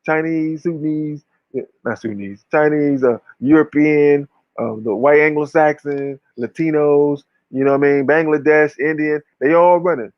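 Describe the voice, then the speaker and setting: A man's voice: fairly high pitch, moderate pace, dry recording, highs cut off. A man talking casually but with fiery emphasis, preaching and swearing freely. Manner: emphatic, preachy, profane, uses slang. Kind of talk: impassioned casual talk.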